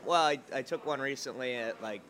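A man's voice: medium pitch, fairly quick, a bit bright, slight background noise. A man chatting casually as a guest, telling rambling stories with jokes and asides. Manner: rambling, joking storyteller. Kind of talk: casual conversation.

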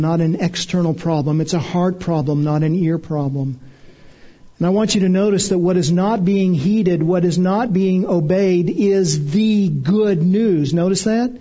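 A man preaching an expository sermon, measured and emphatic, repeating phrases and slowing on key words. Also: high voice, mellow, dull audio. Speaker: pastor.

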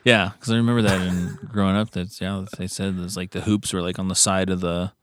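A man's voice: deep voice, little pitch movement, brisk, a bit bright, no echo, studio quality. A man co-hosting a podcast in casual chat, laid-back and laughing often, sometimes slipping into joking announcer voices. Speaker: podcast co-host. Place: podcast studio.

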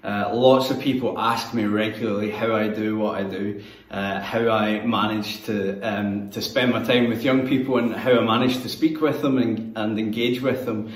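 A Scottish man in his thirties, a church youth leader, giving a relaxed, conversational, self-deprecating sermon. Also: lowish voice, moderate pace. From Scotland. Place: church hall. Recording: echoey room, mic at a distance.

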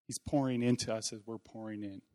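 A man's voice: on the low side, steady tone, brisk, dark tone. A man preaching an informal sermon in a church hall, talking in a conversational, folksy way with self-deprecating humor. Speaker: lay preacher.

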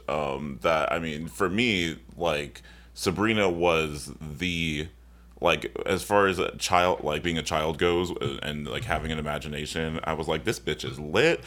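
A man's voice: low-pitched, a bit bright. A man hosting a podcast, chatty and effusive, with casual slang. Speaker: podcast host. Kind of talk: casual interview talk.

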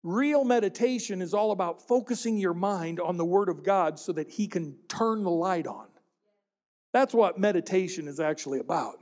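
A man's voice: high-pitched, moderate pace, a little mellow. A man preaching a sermon to his congregation, speaking conversationally and often asking them questions. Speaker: pastor.

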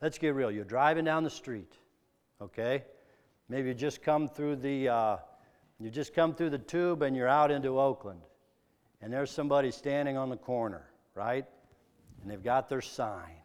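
A preacher from the American Midwest giving a sermon, asking probing, earnest rhetorical questions. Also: male voice, medium pitch, normal speed, smooth, long reverb tail.

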